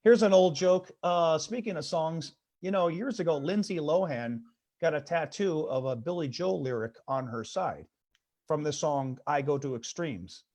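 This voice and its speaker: A man's voice: on the high side, normal speed, a little mellow. A man doing a stand-up comedy set over a video call from his bedroom, rattling off one-liners and pleading with the crowd after each joke.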